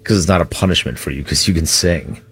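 A man's voice: low-pitched, fast talker, fairly bright tone, slightly rough. A man co-hosting a sports radio show, telling stories in a rambling, conversational way. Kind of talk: casual radio chat.

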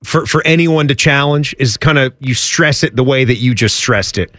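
A man co-hosting a casual sports radio talk show, laughing often and jumping into quick asides. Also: mid-range voice, a bit bright, no echo.

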